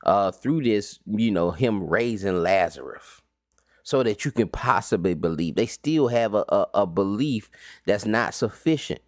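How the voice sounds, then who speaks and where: A man's voice: lowish voice, lively intonation, measured pace, dry recording, studio quality. A man teaching an informal Bible study recap, talking casually with slang and rhetorical questions.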